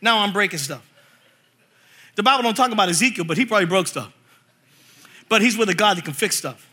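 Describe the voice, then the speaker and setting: A man preaching a sermon, reading scripture slowly and telling animated stories with jokes. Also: high voice, slightly rough. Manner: animated storytelling, jokes and voices; reads scripture slowly and forcefully. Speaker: pastor.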